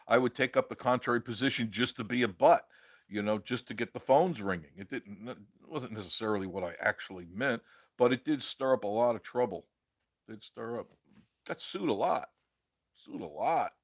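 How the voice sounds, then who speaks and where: A man with a lowish voice hosts a relaxed live stream, reading out viewer comments and answering them in a chatty, meandering way. He laughs easily as he talks. The sound is dry and close, with no room echo. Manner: chatty, rambling, laughs often. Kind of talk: casual live-stream chat.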